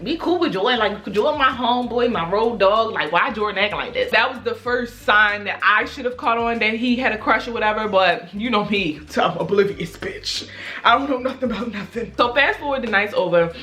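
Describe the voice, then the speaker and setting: A woman's voice: fairly high pitch, brisk. A woman in her twenties telling a casual storytime on camera, acting out her friends' lines with lots of "like" and swearing. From Baltimore. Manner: animated, acts out quoted friends, frequent "like" and cursing. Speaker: storytime vlogger. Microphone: camera mic.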